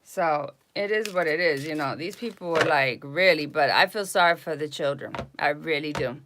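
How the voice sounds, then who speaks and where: A woman hosting a live tarot stream, telling stories to her viewers in an animated, indignant way with frequent asides. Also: low voice, moderate pace, background noise.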